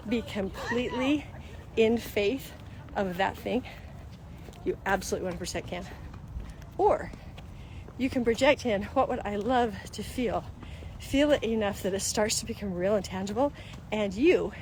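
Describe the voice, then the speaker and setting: A woman in her fifties gives an earnest, coaching motivational talk over a live stream and speaks straight to her viewers. Her voice sits at an ordinary middle pitch. The audio carries clear background noise from a device mic. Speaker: host.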